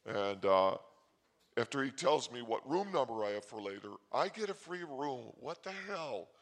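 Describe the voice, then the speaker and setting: A man hosting a comedy show, telling a rambling story with loud bursts and quick asides. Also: medium pitch, very animated. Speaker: comedy host. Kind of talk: rambling comic monologue.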